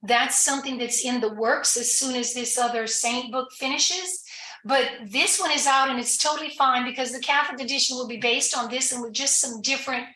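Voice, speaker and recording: Bright-voiced woman explaining earnestly. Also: sits high, fairly even intonation, a little fast, reverberant, rough recording. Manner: earnest, explanatory, with frequent fillers and restarts. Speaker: guest addiction recovery professional. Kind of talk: conversational podcast interview.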